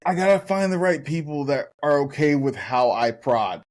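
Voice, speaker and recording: A man's voice: on the high side, lively intonation, normal speed. A young adult man hosting a casual podcast chat, swearing often and laughing through his stories. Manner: swears a lot, laughs while telling stories. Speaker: podcast host.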